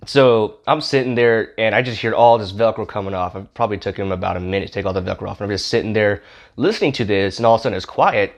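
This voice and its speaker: Man telling a lively faith story. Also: lowish voice, fairly quick. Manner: animated storyteller, acts out the other gamer in a raised voice. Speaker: testimony speaker. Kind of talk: storytelling testimony.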